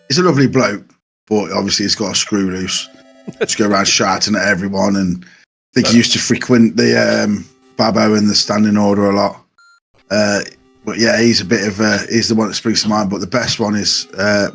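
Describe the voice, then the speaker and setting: Man, husky and animated, telling rowdy stories on a casual podcast. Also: on the low side, fairly quick, faint music behind. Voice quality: husky, swears a lot, animated storytelling. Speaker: podcast co-host. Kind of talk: casual storytelling chat.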